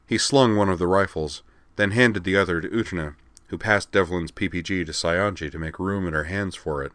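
A man reading scripted narration of a science fiction story in a steady, even way. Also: low voice, a little fast, dry recording.

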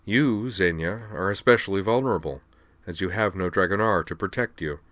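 A man voicing a stern, powerful noble patriarch who speaks firmly and in measured terms. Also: low-pitched, fairly bright tone, dry recording. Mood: commanding. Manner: firm, measured, commanding.

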